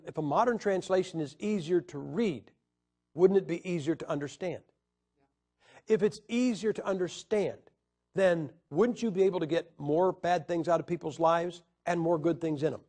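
A man teaching about Bible translations in an argumentative way, asking rhetorical questions and pausing on fillers. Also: a little high, a little mellow. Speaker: preacher.

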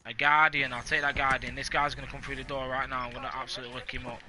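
A man's voice: mid-range voice, flat delivery, rapid-fire, crowd noise. A man streaming a video game live, hyped and boastful, trash-talking and joking with his chat. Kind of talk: live gaming stream banter.

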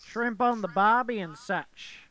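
A man's voice: sits high, a little slow, crowd noise. A young British man doing an exaggerated bloke impression. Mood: mocking. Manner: exaggerated, mocking. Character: male Australian bloke, brash and jokey.

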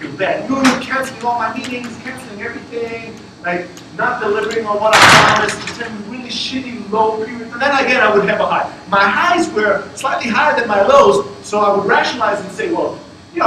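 A man giving a casual fireside talk to an audience, telling stories in a blunt, profane and emphatic way. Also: sits high. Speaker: startup founder speaking at a fireside chat. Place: event room with an audience. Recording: far-off echoey room with loud noise.

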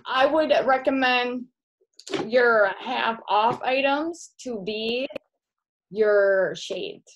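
Over dull audio, a woman with a fairly high pitch and a Midwestern American accent draws out her words. She's a direct sales consultant showing products at home in a casual video, chatting away and calling the listener "girl."

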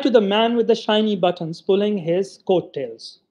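Male literary reader, high register, expressive storyteller. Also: normal speed, hardly any pauses. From Pakistan. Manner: expressive storytelling, voices the quoted lines. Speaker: reader of short stories. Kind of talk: literary reading.

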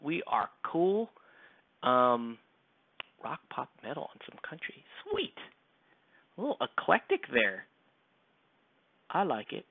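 A very animated American man with a medium-pitched, slightly rough voice speaks slowly with long pauses. He chats, rambles and jokes with viewers as he paints a miniature on a live stream. The recording is tinny and lo-fi, from a close, dry mic.

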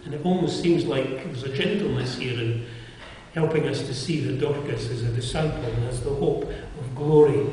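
This older man from England preaches in a chapel at a moderate pace, his mid-range voice mellow. He is earnest and conversational, frequently asking his listeners questions, and the echoey chapel is heard from far off.

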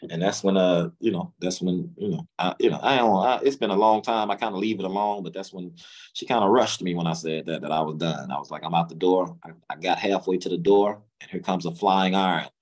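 A man's voice: low-pitched, fairly even intonation, brisk, darkish tone, rough recording. A man, talking candidly in an interview and acting out what people said to him. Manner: casual, drawling, acts out past dialogue. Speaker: interview guest. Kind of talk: candid storytelling.

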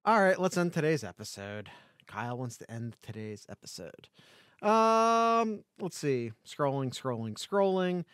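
A man's voice: a little high, sing-song, measured pace, a bit bright, smooth, no echo, clean studio sound. A man co-hosting a casual sports podcast over a call, joking and rambling with many restarts. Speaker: podcast co-host. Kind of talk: casual chat.

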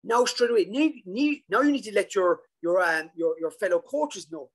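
A man presenting a coaching webinar over a video call, animated and acting out a worried coach's thoughts. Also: sits high, normal speed, hardly any pauses, slightly rough, low-quality recording. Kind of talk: casual webinar talk.

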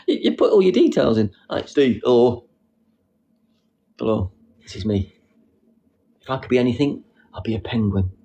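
A young man hosting a casual live stream, reading out comments with a playful, silly manner and sudden squeaky jokes. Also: sing-song, moderate pace, gravelly, pauses often, mellow, dull audio. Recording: faint background noise.

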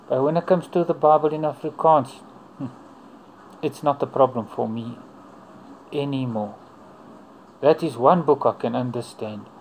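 A man sharing a personal faith testimony, earnest and unhurried, with a middle-pitched voice. His phrases come in short pieces with pauses between them. A faint hiss sits under the voice. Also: darkish tone, poor audio. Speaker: churchgoer giving testimony.

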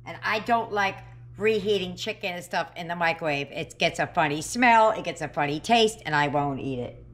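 Lower-voiced woman cooking in her kitchen, just chatting thru it. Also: moderate pace, fairly bright tone. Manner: chatty, thinking aloud while cooking. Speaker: cooking channel host. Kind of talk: casual home cooking video. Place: home kitchen.

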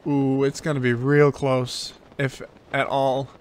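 A man's voice: mid-range voice, flat delivery, takes it slowly. A man giving casual gameplay commentary as a let's play host, thinking aloud and repeating himself as he plays.

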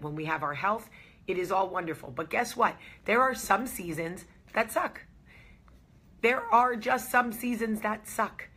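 A woman's voice: mid-range voice, a bit bright, husky. A woman hosting a casual talk to camera, speaking in an earnest, reassuring way and repeating key phrases for emphasis. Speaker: host.

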